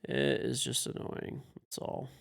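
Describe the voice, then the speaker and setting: A man's voice: medium pitch, fairly even intonation, measured pace, vocal fry. A man streaming a video game live, frustrated and swearing as he mutters to himself and talks to teammates. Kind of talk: live-stream commentary while playing.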